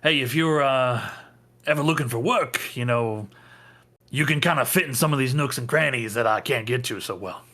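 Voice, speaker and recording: A man voicing a friendly male innkeeper who talks haltingly, with many filler sounds. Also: mid-range voice, bright, forceful tone.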